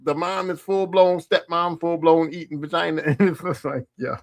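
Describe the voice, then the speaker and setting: A man hosting a podcast, telling crude stories in a profane, animated way, often laughing. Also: fairly high pitch, moderate pace, gravelly, no echo. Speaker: podcast host. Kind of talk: crude casual monologue.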